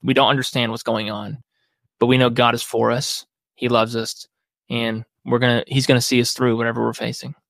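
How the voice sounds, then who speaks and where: A man's voice: mid-range voice, flat delivery, a little fast, gravelly, fairly bright tone, no room sound, clean studio sound. A man being interviewed as a biblical counselor, speaking earnestly and reflectively in a conversational way. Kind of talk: podcast interview.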